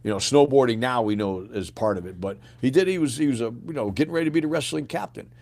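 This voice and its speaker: This grieving father, a middle-aged American on a podcast, talks fast in a medium-pitched, slightly mellow voice. His account of a painful personal story is blunt and casual, full of slang and swearing.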